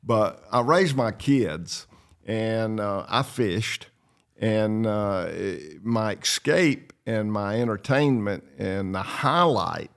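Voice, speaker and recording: Older southern guy from north carolina, low gravelly voice, drawly rambling stories. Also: animated. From North Carolina, USA. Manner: drawling, rambling with "uh" pauses, self-deprecating humor. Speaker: show host and former pro bass angler. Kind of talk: casual storytelling chat.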